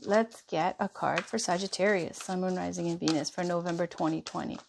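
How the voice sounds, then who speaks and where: A woman giving a chatty tarot reading, going hoarse as she loses her voice. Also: lowish voice, steady tone, a little fast, background noise. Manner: chatty, reassuring, drifts between reading aloud and asides. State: losing her voice. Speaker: tarot reader.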